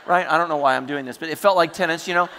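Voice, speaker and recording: A man preaching a sermon, telling a story with animated energy and sudden shouts. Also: fairly high pitch, very fast, long reverb tail, slight background noise. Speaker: pastor.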